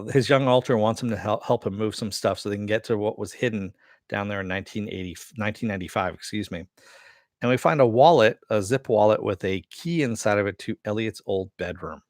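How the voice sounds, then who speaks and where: A man's voice: lowish voice, no room sound, studio quality. Casual swearing man recapping a show. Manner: rambling, frequent "uh" and "you know", swears casually. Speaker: TV episode reviewer.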